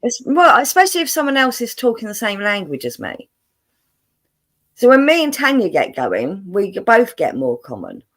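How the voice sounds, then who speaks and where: A woman's voice: fairly high pitch, wildly swooping pitch, moderate pace, a bit bright. A woman with a London accent, hosting a casual chat, reading out viewer comments, laughing often and playing up her broad common accent. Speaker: host.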